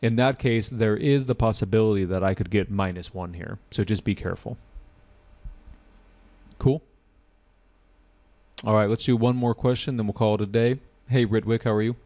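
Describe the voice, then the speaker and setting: An American man teaching an IELTS class online and taking student questions, relaxed and repeating key points. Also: lowish voice, moderate pace, long pauses. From United States.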